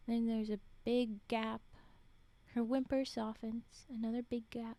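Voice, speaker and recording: A woman streamer reads a story aloud with dramatic flair, slipping into whispered asides and reacting out loud between passages. Her voice is a little high with little pitch movement, and her pace is measured.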